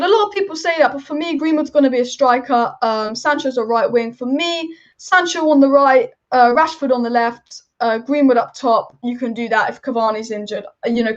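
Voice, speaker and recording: High-voiced woman ranting about football. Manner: opinionated, rambling, passionate. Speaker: football channel host. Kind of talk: live-stream chat reading viewer comments. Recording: dull lo-fi stream audio.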